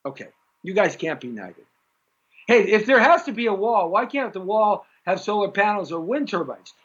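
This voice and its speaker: A middle-aged man hosts a live stream, his rambling, jokey chatter swinging wildly up and down in pitch. His voice sits high for a man. The sound is dull and lo-fi, like cheap stream audio. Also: sing-song, normal speed, fairly bright tone, breathy edge. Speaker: live show host. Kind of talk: live-stream talk show chat.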